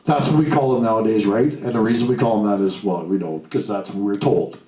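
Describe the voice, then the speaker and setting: A man's voice: fairly low pitch, fast, recorded from a distance, crowd noise. A man giving an emphatic motivational seminar talk to a live audience, acting out the voices he quotes. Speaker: seminar speaker. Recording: echoey room, voice off-mic, faint hiss.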